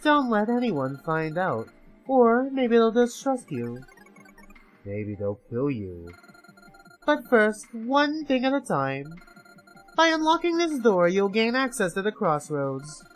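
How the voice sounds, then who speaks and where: A sneering death-game mastermind, as a man puts him on, who mocks the players in a theatrical announcer's tone. The pitch leaps up and down as he gloats over them in this visual novel game. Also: wildly swooping pitch, takes it slowly, soft background music, exaggerated voice, poor audio. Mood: taunting. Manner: taunting, theatrical announcer's delivery.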